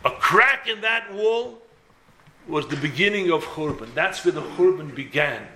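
A man's voice: a little high, expressive, a little slow, sharp tone. A man giving an impassioned sermon as a rabbi, building to emphatic peaks. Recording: roomy echo.

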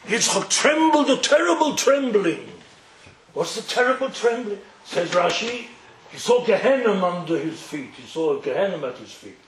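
A man with a high, swooping voice leads a Torah class. He tells the story with animation, slipping into the characters and peppering his listeners with questions. The room around him rings with echo. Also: normal speed, a little hiss or hum. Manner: animated, acts out the characters, asks rhetorical questions. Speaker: religious teacher.

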